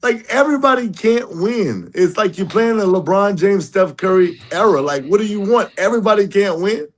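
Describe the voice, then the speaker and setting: A man's voice: high-pitched, fairly quick. Teasing laughing man hosting sports talk. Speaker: show host. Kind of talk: casual sports debate chat.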